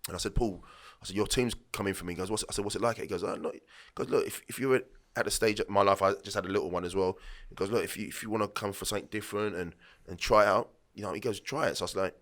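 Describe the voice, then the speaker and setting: On the low side and a bit bright, this male voice stays steady while racing along very fast with few pauses. The speaker is a late-thirties former footballer on a podcast, whose casual anecdotes ramble, restart and act out quoted dialogue.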